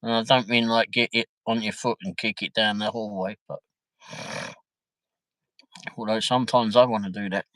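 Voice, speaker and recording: A man's voice: fairly low pitch, steady tone, normal speed, long pauses, a bit bright, dry recording, poor audio. A man hosting a casual livestream from home, chatting and joking as he answers viewer comments. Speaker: livestream host. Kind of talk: casual live-stream chat.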